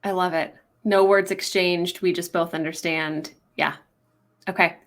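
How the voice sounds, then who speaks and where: A woman playing a tabletop game, eager and quick to agree with the others. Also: on the low side, fairly even intonation. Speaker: player.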